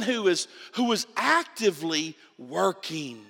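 Speaking at normal speed with a fairly high pitch, a pastor gives a sermon in a reverberant church hall. He preaches with animation and emphasis, repeating lines and restarting as his points build.

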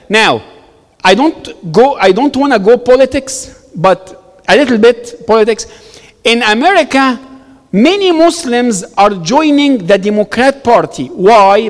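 A man giving an emphatic public talk to an audience, repeating words for stress and telling stories. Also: high-pitched. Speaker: speaker answering audience questions. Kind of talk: animated public talk with storytelling. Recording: long reverb of a hall.

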